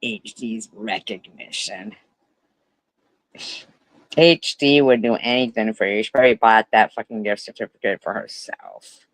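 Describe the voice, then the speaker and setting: A man's voice: fairly low pitch, a little fast, a bit bright, no room sound, poor audio. A man giving profane reaction commentary in a sarcastic, mocking way. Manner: sarcastic, mocking, swears often. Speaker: commentary host.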